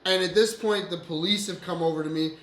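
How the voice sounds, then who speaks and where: A man with a high, bright voice tells a wild story to a friend, acting out every quoted line loudly and cursing freely. His laughter breaks through his words, and the room around him sounds noticeably echoey. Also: fairly even intonation, fairly quick. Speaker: podcast co-host. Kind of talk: animated storytelling among friends. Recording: roomy echo.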